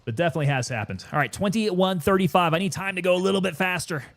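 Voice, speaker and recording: Relaxed male streamer, slightly higher voice. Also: quick pace, vocal fry. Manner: relaxed, chatty, sometimes winded. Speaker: gaming streamer. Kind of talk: casual gameplay commentary.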